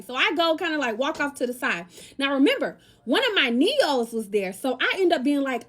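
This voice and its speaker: A young woman from the United States tells a story to her viewers in a chatty, casual way. Her voice sits high, and she keeps the talk loose and full of slang. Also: lively intonation, fast. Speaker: lifestyle content creator.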